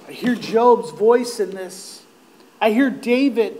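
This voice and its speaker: A man preaching at a slow, deliberate pace in a strikingly high voice. He speaks earnestly and directly to his congregation as their pastor. At emotional peaks he rises almost to a shout. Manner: impassioned, rising to near-shouts on quoted cries; earnest, direct address to listeners. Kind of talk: sermon.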